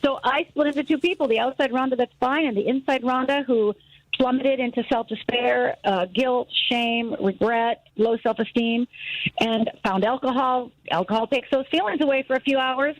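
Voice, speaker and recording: Middle-aged woman from upper michigan on a radio show, kinda high voice, tells her story all animated, dry close mic. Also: normal speed, no room sound, poor audio. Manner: animated storyteller, acts out voices, laughs easily. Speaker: guest, fear expert. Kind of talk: radio interview, personal story.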